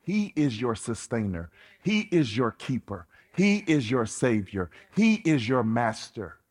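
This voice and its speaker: Husky, animated preacher with a slow delivery. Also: male voice, medium pitch. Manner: animated, colloquial, playful preaching. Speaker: pastor. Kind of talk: sermon.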